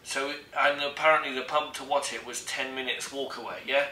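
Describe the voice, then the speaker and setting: A man's voice: mid-range voice, steady tone, brisk, pushed and bright, roomy sound, distant mic. Easygoing man, off-mic. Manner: easygoing, laughs often, interrupts to correct. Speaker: vlog co-host. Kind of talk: casual storytelling chat.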